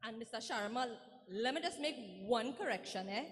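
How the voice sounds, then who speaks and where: A woman's voice: on the high side, expressive, normal speed, lightly acted. A woman acting as a boastful, nosy older village gossip in a stage comedy skit, chatty and rambling, with a Trinidadian accent. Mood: gossipy. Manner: chatty, rambling, dialect-heavy. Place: live stage in a hall. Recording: reverberant hall stage.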